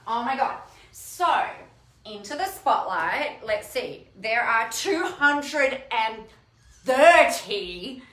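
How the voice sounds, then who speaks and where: Excitable woman, lively high voice. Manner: gushing and excitable, bursts of squealing. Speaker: host unboxing her own book. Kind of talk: casual live video chat. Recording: roomy echo.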